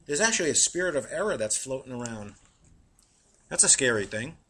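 A middle-aged man preaching a sermon, animated and laughing at his own jokes, slowing down to read verses. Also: medium pitch, breathy edge.

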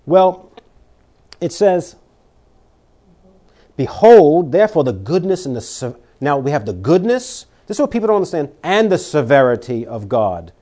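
A man delivers a sermon in a somewhat high-pitched voice. He reads scripture aloud and swings between loud, emphatic declarations and quiet warnings. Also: big pitch swings, normal speed. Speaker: preacher.

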